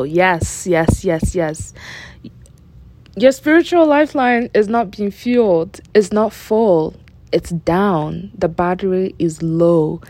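A woman's voice: lowish voice, animated, takes it slowly, darkish tone, dry recording. A woman hosting a personal devotional talk, speaking earnestly and candidly and repeating phrases for emphasis. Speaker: faith podcast host.

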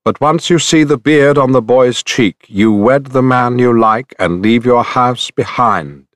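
A man reading the lines of a steady warrior king who speaks gently and gravely. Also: mid-range voice, unhurried, no room sound, studio quality, natural voice.

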